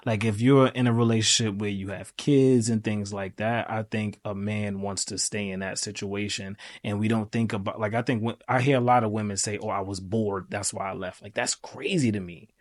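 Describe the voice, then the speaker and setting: A man's voice: lowish voice, moderate pace, few pauses, no room sound. A man co-hosting a podcast, talking animatedly in casual chat and laughing as he makes his points. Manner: animated, laughs while talking, repeats himself. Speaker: podcast co-host.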